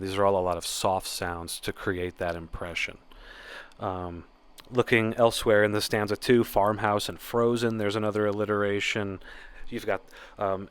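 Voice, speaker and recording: A man giving a casual spoken poetry lesson, explaining in a relaxed way with occasional fillers. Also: on the low side, a little slow, smooth. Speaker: poetry teacher.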